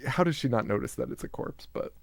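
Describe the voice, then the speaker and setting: A man's voice: medium pitch, animated, fast, vocal fry, dry recording, studio quality. A man co-hosting a horror podcast, recapping a movie in casual chat, joking, laughing often and acting out lines. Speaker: podcast co-host.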